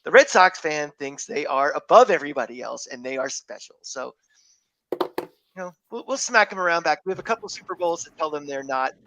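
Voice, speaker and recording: A man's voice: a little high, animated, brisk, a bit bright, slight background noise, low-quality recording. A man calling in from a hotel room as a podcast guest, ranting about sports fans in an opinionated, sarcastic way. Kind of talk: casual sports podcast chat.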